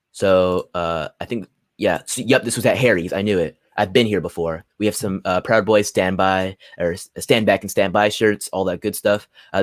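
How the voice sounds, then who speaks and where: A young man hosting a solo political livestream, swinging from loud angry rants to low muttered asides as he reads articles aloud. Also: dry recording, clean studio sound. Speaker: livestream host. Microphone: phone or computer mic at a desk.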